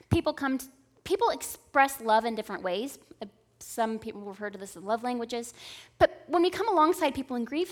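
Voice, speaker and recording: A woman in her thirties delivers a sermon with a slightly high voice. She preaches in an earnest, conversational way and keeps checking in with the listeners. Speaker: speaker at a church service.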